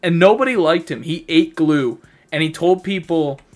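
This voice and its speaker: A man's voice: fairly high pitch, moderate pace. A man co-hosting a crude comedy gaming show, rambling through profane tall tales. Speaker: co-host.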